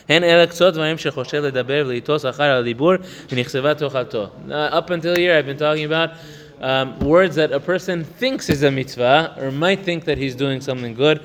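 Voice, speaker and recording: A man teaching a religious text. He reads Hebrew passages quickly, explains them in English in a chatty way, and often asks "right?". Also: mid-range voice, fairly bright tone, in a large hall. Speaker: Torah teacher. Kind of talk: text study lesson.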